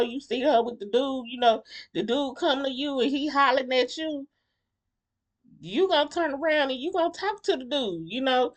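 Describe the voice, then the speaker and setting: Fired-up rambling woman vlogger. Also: mid-range voice. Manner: rambling and animated, with lots of restarts and slang; blunt, fired-up opinions. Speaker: vlogger recapping a reality show. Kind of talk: casual commentary.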